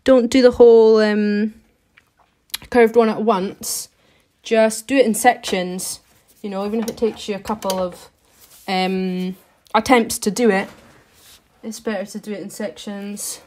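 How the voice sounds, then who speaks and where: A woman's voice: medium pitch, fairly even intonation, measured pace, darkish tone. A woman giving a chatty, step-by-step live nail art tutorial while she works.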